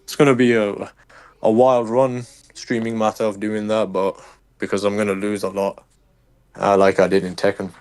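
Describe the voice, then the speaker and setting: A man's voice: on the low side, little pitch movement, normal speed, darkish tone, clean tone. A young man with a Birmingham accent, a streamer being interviewed, talking casually and ranting heatedly with lots of swearing. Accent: Birmingham English. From England. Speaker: streamer, guest.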